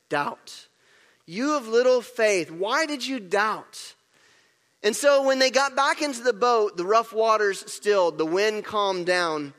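A man preaching a sermon, telling a story with animated acting-out of the scene. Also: sits high, long reverb tail. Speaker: pastor.

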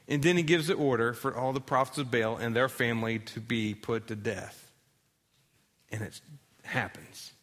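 A man preaching a sermon, telling a story with energy, rising loud and dropping soft, and acting out the voices of the people in it. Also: a little high. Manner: animated storytelling, acts out voices, rises loud then drops soft. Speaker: pastor.

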